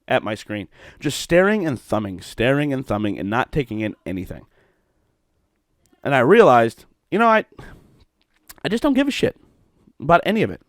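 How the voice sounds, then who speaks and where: A man's voice: mid-range voice, no echo, clean studio sound. A middle-aged man from Ohio hosting a solo podcast, rambling, swearing and mocking himself. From Ohio, USA. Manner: rambling, profane, self-mocking. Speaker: podcast host.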